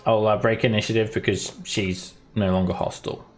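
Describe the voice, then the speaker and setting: Man, dungeon master, low voice, casual narration, light music behind. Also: a little fast. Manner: relaxed, filler-laden narration. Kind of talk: narrating a tabletop game.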